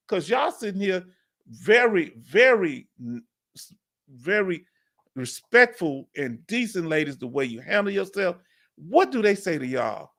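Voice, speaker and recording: A man hosting a live stream, chatting casually and asking viewers questions with drawn-out emphasis. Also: high voice, fairly bright tone.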